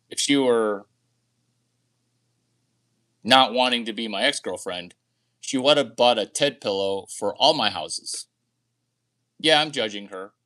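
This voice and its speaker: A man's voice: medium pitch, bright, forceful tone. A man talking to camera in a rambling, crude, boastful monologue, often laughing at his own jokes. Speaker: vlogger.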